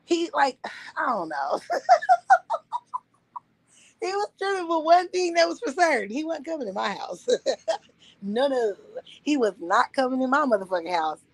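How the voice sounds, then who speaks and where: A woman telling a family story on a livestream, profane and animated, laughing often. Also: high-pitched, normal speed, dry recording, poor audio. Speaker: streamer. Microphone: streaming microphone.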